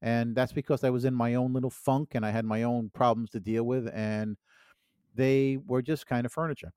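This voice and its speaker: A man's voice: medium pitch, steady tone, normal speed, a little mellow, clear, resonant tone, no echo, studio quality. A middle-aged man co-hosting a podcast, telling a childhood story in a rambling, casual way with restarts and laughs. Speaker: podcast co-host.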